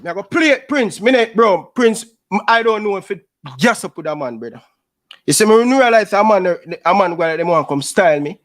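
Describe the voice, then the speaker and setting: Aggrieved Jamaican man, high voice. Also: expressive, a little fast, a bit bright, no echo. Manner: aggrieved, repeats "brother" often. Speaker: YouTube show host. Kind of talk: heated casual chat.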